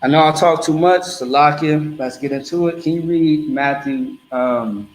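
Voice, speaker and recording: Guy preaching loud and blunt, kinda high voice, echoey spot with faint background noise. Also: moderate pace. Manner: blunt, streetwise, repetitive. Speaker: street preacher. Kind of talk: street teaching to a group.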